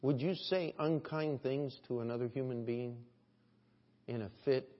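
A male pastor delivers a sermon in an earnest, rhetorical way, pressing his listeners with question after question. His voice sits at a middle pitch and swings between hushed and loud stretches. The recording is dull and carries a long hall reverb. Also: measured pace.

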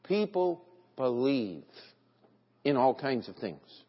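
A man's voice: mid-range voice, measured pace. A man preaching an evening sermon in an earnest, emphatic way, reading scripture aloud. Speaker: pastor. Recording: dull audio with long church reverb.

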